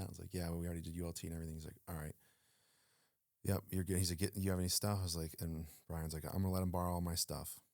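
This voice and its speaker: Gravelly and very deep, the voice belongs to a former Navy SEAL who is a guest in an interview, recorded with clean studio sound and no echo. He tells his story in a relaxed, animated way, performing quoted lines and dropping in plenty of fillers.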